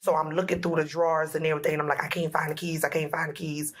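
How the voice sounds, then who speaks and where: A woman's voice: low voice, flat delivery, racing. A woman, telling an emotional personal story as a podcast guest, acting out what everyone said. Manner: emotional, retelling dialogue with many "I said, he said".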